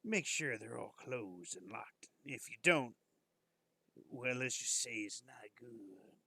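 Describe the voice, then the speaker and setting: A man voicing a grim, reclusive old male neighbor with a raspy voice and a Southern accent, muttering slow warnings. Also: medium pitch, big pitch swings, sharp tone, no room sound, full character voice. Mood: ominous warning.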